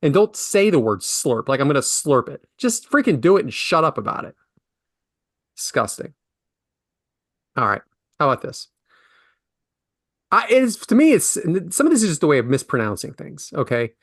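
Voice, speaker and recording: Ranting man with a lively voice. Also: fairly high pitch, normal speed, pauses often, no echo, clean studio sound. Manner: ranting, mock-outraged outbursts. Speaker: podcast co-host. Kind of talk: casual podcast chat.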